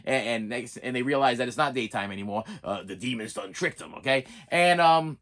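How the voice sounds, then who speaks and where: A man's voice: medium pitch, animated, a little fast, fairly bright tone. A man casually reviewing horror movies on a vlog, rambling with many restarts and repeats, laughing often and checking in with "okay?".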